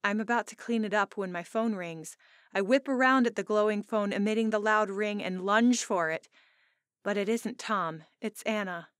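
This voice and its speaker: Woman narrator, mid-pitched, expressive first-person reading, dry close studio sound. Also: moderate pace, no echo. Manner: expressive, emotional storytelling. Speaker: audiobook narrator.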